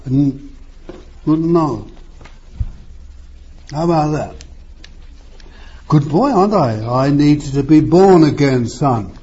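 Older preacher, lively pitch, husky. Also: male voice, takes it slowly, pauses often. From East End of London. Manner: emphatic, rhetorical questions, wide swings in pitch. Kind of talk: sermon. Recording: muffled lo-fi sermon recording.

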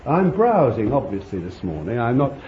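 A man preaching a conversational sermon, rambling warmly with chuckles and fond asides to his listeners. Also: medium pitch, big pitch swings, moderate pace. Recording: dull lo-fi recording with faint hiss.

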